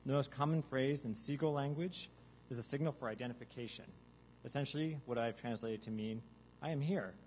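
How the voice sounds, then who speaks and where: A man giving a deadpan mock science lecture to a live audience, now and then breaking into loud seagull caws and zombie groans. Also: mid-range voice, a little fast, a little hiss or hum, low-quality recording. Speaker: guest artist presenting research. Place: large hall with a live audience.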